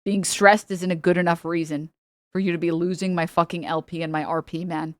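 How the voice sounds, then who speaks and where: A woman's voice: fairly low pitch, level tone, brisk, no room sound, studio quality. A young woman streamer reacting heatedly on a live stream, profane and full of stumbling restarts.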